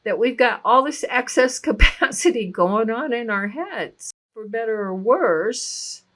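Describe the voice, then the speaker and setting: An older woman giving a thoughtful teaching talk on listening, speaking with gentle emphasis. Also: a little high, animated, measured pace. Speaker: relationship teacher.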